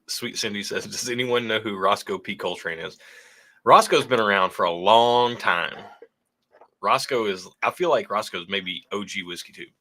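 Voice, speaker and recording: A man's voice: on the low side, unhurried, bright, forceful tone. A man co-hosting a whiskey livestream, chatting casually, joking and reading out viewer donations. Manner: laid-back, joking, chatty. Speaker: whiskey channel co-host.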